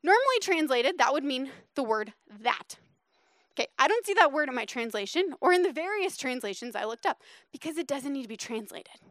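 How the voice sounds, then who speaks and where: Female preacher, high voice, dry close sound, lively and conversational with hushed emphasis. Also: a little fast, dry recording. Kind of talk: sermon.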